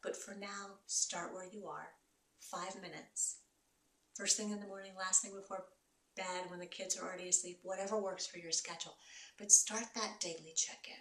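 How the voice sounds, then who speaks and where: A woman host and wellness coach giving gentle, encouraging advice to her viewers. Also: fairly low pitch. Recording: roomy echo, voice from a distance.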